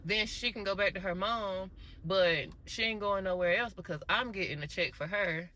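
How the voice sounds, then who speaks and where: A mean, cold-hearted grandmother, as a woman puts her on while telling a story, blunt and threatening as she brushes off any concern. The voice is bright and forward, with a hard edge on every threat. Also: medium pitch, normal speed, lightly acted. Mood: dismissive. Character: harsh, mean grandmother guarding a custody check.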